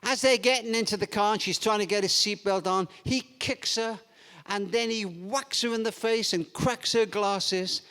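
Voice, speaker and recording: A man's voice: high-pitched, normal speed. Older guy giving a parenting talk, acts out his stories, big hall reverb. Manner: animated, acts out anecdotes with playful humour. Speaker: parenting speaker. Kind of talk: storytelling seminar talk. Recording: long reverb of a large hall.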